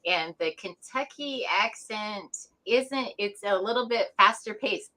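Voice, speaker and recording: A woman's voice: mid-range voice, takes it slowly, bright, forceful tone, rough recording. A woman co-hosting a podcast, speaking conversationally and laughing often. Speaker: podcast co-host. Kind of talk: casual chat.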